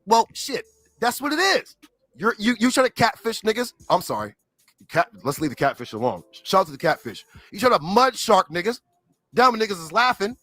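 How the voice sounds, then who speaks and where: A man's voice: high-pitched, bright, forceful tone, no room sound. A man on a livestream, ranting and hurling insults in an aggressive, repetitive way.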